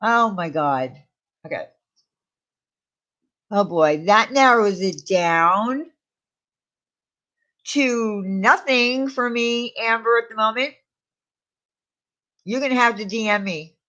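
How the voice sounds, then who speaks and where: Woman streamer, casual chat with viewers, slightly high voice, lo-fi muffled audio. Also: takes it slowly, pauses often, pushed and bright. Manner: chatty, answers viewers' comments aloud.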